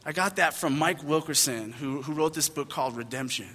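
A young man delivers a sermon in a loose, conversational way, full of fillers and restarts. His voice sits high and sounds bright and forceful. The sound carries the long reverb of a large church hall. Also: fairly quick. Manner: casual, conversational storytelling with frequent fillers. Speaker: pastor.

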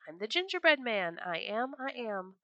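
A woman's voice: a little high, very animated, moderate pace, pushed and bright, dry recording, muffled recording. A woman voicing a cheeky, boastful gingerbread boy who taunts his chasers in a sing-song chant. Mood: taunting.

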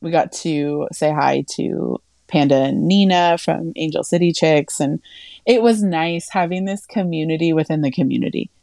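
A woman's voice: moderate pace, gravelly, no echo, studio quality. A woman co-hosting a podcast, chatting casually and telling stories, acting out what people said with big jumps in her voice. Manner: chatty storyteller, acts out quotes with animated pitch jumps. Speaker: podcast co-host. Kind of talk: casual chat.

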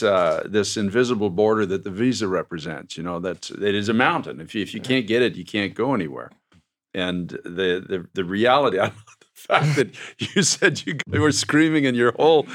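A man hosting a faith talk show, encouraging his guest in a preacher's cadence. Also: on the low side. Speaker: host.

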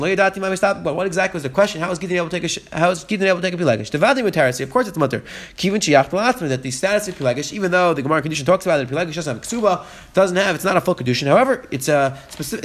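A man's voice: high voice, a bit bright. A man giving a Torah lesson, reading Hebrew verses aloud and then explaining them in English, often repeating his points. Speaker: Torah teacher.

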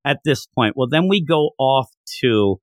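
A young adult man casually recapping a comic, chatty and excitable, laughing often. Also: mid-range voice, unhurried, no room sound, clean studio sound. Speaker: comic book reviewer.

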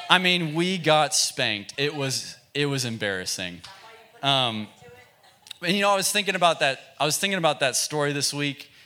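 A man's voice: a little high, expressive, moderate pace, bright, forceful tone. A man who is a youth pastor, telling a casual, self-mocking story in a sermon, chatty and full of fillers.

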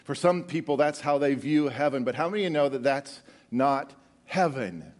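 A middle-aged man preaching a sermon, animated and joking with the congregation, often repeating words as he goes. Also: medium pitch, normal speed. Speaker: pastor.

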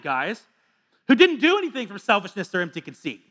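A man in his thirties preaching a sermon as a pastor, earnest and confessional, moving between hushed asides and fervent appeals. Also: sits high, wildly swooping pitch, a little fast.

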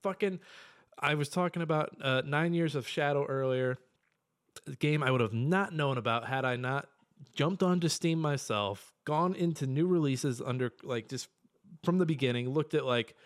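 A young man co-hosting a casual podcast, ranting profanely and excitably, with sudden bursts of yelling. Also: fairly high pitch, moderate pace. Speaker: podcast co-host.

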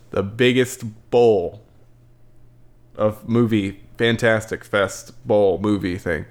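A man giving a casual, enthusiastic film review, rambling and repeating words as he compares movies. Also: on the low side.

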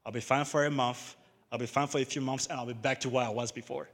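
A man preaching a sermon at a youth service, moving between hushed storytelling and loud exhortation. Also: mid-range voice, steady tone, fast talker, big-room sound.

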